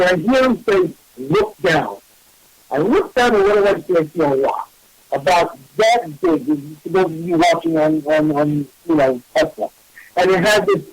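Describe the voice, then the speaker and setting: Animated high-voiced male storyteller. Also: no echo, rough recording. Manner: animated, self-mocking, swears mildly. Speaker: psychic medium radio host. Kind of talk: casual storytelling.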